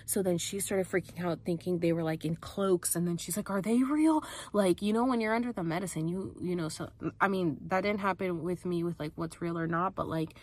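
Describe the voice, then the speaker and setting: A woman's voice: on the low side, fairly even intonation, brisk, few pauses, a little mellow. A young woman casually telling a personal story on a podcast, chatty, filling her speech with "like" and acting out the quotes. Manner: chatty, heavy use of "like", acts out quotes. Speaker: podcast host.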